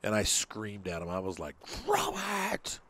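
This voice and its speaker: A man's voice: sits low, steady tone, brisk, noisy background. A man casually commenting on his farming game as he plays, rambling and chatty, with lots of fillers. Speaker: gaming channel host.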